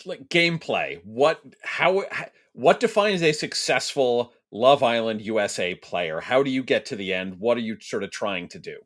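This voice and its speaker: A man, a TV critic and podcast co-host, chatting casually and asking follow-up questions with quick restarts. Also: medium pitch, lively intonation, a bit bright. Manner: inquisitive, asks follow-up questions with stumbling restarts. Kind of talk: casual conversational podcast chat.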